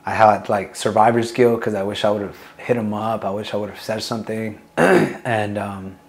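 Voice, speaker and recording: A man's voice: fairly low pitch, little pitch movement, moderate pace. A young man, a Marine veteran, talks candidly about his past in a casual interview, swearing freely and filling his speech with "like" and "dude". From Long Beach, California. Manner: candid, profane, many fillers like "like" and "dude".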